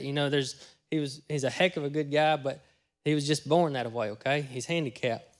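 A man preaching a testimony sermon, telling his story in a folksy way and acting out his own words with sudden loud bursts. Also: fairly high pitch, steady tone, brisk. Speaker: pastor.

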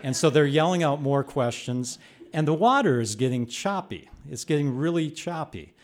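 An older man telling a personal story on stage, animated and building to loud bursts as he relives the chaos. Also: on the high side, moderate pace. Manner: animated, rising to shouts when reliving the chaos.

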